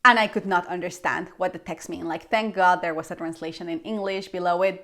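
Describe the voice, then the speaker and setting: A young woman from Mexico with a Mexican Spanish accent, a Spanish native speaker, telling a casual vlog story and acting out her own reactions with lively exclamations. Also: on the low side, fairly quick, few pauses. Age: young adult. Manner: animated, acts out her past reactions with exclamations. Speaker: vlogger.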